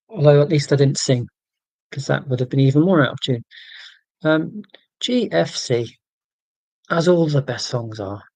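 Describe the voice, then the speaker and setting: A man's voice: mid-range voice, gravelly, a little mellow, dry recording. Chatty, self-deprecating man livestreaming. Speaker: livestream host. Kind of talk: rambling casual livestream chat. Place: home.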